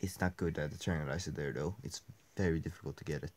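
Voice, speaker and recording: A man commentating on a horror game he is playing, swearing constantly and swinging between quiet mutters and angry yelling. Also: extremely low pitch, fast talker. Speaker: gameplay commentator. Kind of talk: casual let's play commentary.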